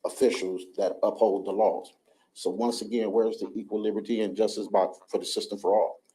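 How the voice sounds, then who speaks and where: A man reading his prepared statement in court, halting, with restarts. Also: fairly low pitch, level tone, warm tone, rough recording.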